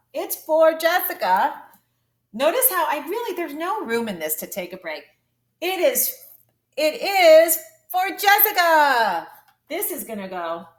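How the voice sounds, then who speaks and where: A young adult woman teaches a phonics lesson to young children from home, using a slow, sing-song teacher voice that exaggerates the rhythm of her sentences. Her voice is mid-range and fairly bright, and the recording is rough.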